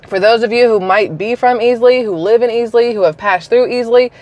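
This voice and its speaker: A woman's voice: a little high, a little fast, dry recording, muffled recording. A woman from South Carolina, a YouTuber giving casual news commentary in a chatty, blunt and digressive way.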